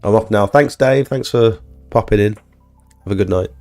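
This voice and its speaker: A low-voiced man who sounds ill chats casually on a live stream at a normal speed, his tone on the dark side, with soft music in the background. He owns a pressure washing business and streams, rambling to viewers and leaning heavily on filler words.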